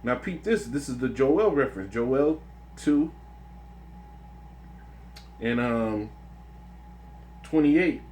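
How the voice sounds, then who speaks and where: Man, mid-pitched, informal faith testimony, earnest and chatty, light hum behind. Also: expressive, takes it slowly, long pauses, darkish tone. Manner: earnest and conversational, with many restarts and "man". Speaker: religious video speaker. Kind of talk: informal religious testimony and scripture reading.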